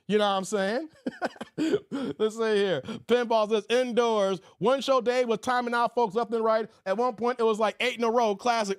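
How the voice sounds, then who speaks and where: Animated man hosting a live stream. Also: moderate pace, no room sound, clean studio sound. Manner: animated storytelling, voices his quotes high and loud. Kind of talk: casual live-stream commentary. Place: at home.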